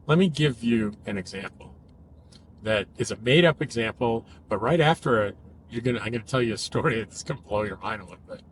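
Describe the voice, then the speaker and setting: A man who works as a cognitive behavioral therapist, talking casually and explaining ideas in a thoughtful, measured way with emphatic rises. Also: mid-range voice, expressive, a little hiss or hum, rough recording.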